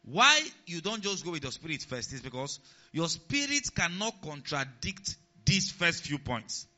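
Bright, piercing pastor preaching in a hall. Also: male voice, fairly high pitch, big pitch swings, a little slow. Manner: keeps checking in with the congregation, repeats key lines; swings between loud emphasis and quiet asides. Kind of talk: sermon. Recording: long hall reverb, dull lo-fi sound.

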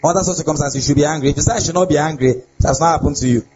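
Young man, pastor, high voice, animated sermon, rhetorical questions, muffled lo-fi recording. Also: racing, slight background noise. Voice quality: animated preaching with laughs and repeated rhetorical questions. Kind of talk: sermon on relationships. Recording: dull lo-fi sound with faint ambience.

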